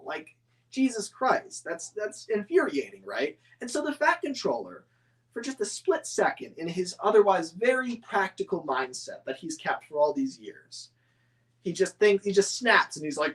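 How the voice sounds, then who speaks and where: A man's voice: high voice, very animated, normal speed, a bit bright. A man rambling enthusiastically as a model-making hobbyist answering viewer questions, with many fillers and restarts. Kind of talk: casual chat.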